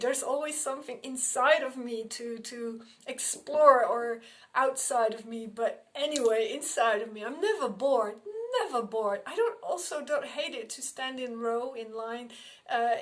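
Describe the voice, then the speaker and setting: A middle-aged woman, a spiritual medium telling personal stories in an unhurried way, often repeating and restarting her phrases. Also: fairly high pitch. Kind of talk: personal storytelling to camera.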